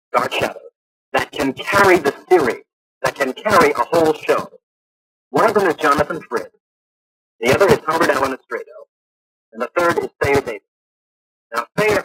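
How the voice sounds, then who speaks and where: A man hosting a radio interview, talking eagerly and haltingly with many restarts, on an old radio broadcast. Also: medium pitch, pushed and bright, slightly rough, dry recording, low-quality recording. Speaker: radio show host. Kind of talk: casual interview.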